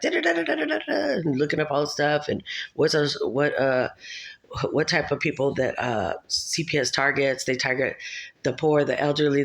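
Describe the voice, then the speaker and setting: A woman's voice: very deep voice, low-quality recording. A woman in her thirties, a mother talking straight to her viewers in a rambling, scattered way, often breaking into laughter. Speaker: vlogger, mother. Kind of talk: rambling casual monologue.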